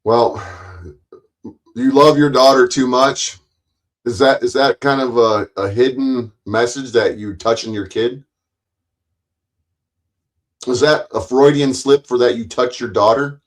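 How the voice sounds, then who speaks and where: A man's voice: mid-range voice, steady tone, unhurried, pauses often, low-quality recording. A man hosting a livestream, ranting at his chat in a profane, taunting, confrontational way. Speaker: livestream host.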